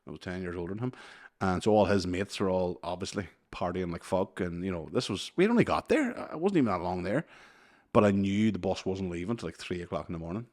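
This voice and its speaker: Animated man telling a story. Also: low-pitched, fast talker. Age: 30s. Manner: animated, swears a lot, laughs mid-story. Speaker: podcast co-host. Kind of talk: casual storytelling chat.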